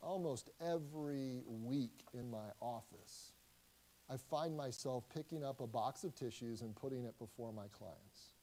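A man, a pastor, preaching a sermon in a conversational way, with frequent restarts and slow, emphatic lines. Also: mid-range voice, dark tone, a little hiss or hum, rough recording.

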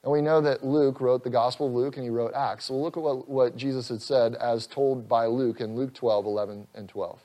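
Preaching expository, this medium-pitched pastor stays earnest throughout. He gets loud when quoting scripture, goes quiet at other moments, and lets out an occasional chuckle.

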